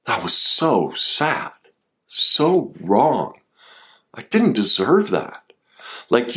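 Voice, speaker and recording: A man giving an earnest self-help talk on grief and anger, coaching the listener directly. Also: lowish voice. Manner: earnest, coaching, rises sharply when voicing anger. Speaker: therapist or self-help speaker.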